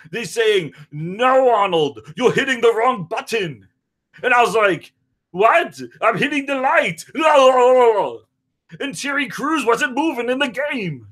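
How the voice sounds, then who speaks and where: A man's voice: very high voice, heavily acted. A man doing a crude, rambling action star. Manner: rambling, crude, bursts into shouting and sing-song. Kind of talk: comedic parody interview.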